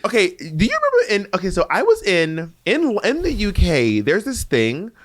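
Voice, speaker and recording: A man's voice: sits high, moderate pace, dry recording, clean studio sound. A man co-hosting a podcast in casual, teasing chat, often laughing. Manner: animated, laughing, playful teasing. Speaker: podcast co-host.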